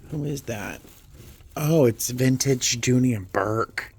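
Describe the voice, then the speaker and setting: Excitable gravelly man whispering over antiques. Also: lowish voice, slow, pauses often, a little hiss or hum. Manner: excitable, gushing, sometimes whispering to himself. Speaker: vlogger. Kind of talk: casual vlog commentary. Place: indoor antique store.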